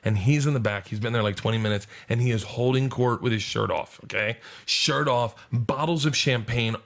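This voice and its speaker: A male comedian telling an animated, profane anecdote as a podcast guest, laughing and acting out quotes. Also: medium pitch, normal speed, vocal fry.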